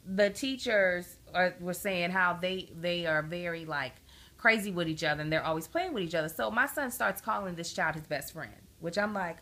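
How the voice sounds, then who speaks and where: A woman telling a long, exasperated story to camera as a parenting vlogger. She is emphatic and animated and acts out the people she quotes. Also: lowish voice, moderate pace. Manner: indignant, exasperated. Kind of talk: casual storytelling rant to camera.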